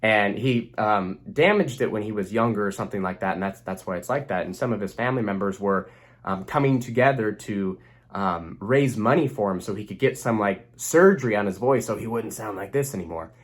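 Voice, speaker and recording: A man's voice: fairly low pitch, fairly quick. A young man speaking earnestly as a relationship coach, giving a motivational self-help talk to the camera and repeating phrases for emphasis.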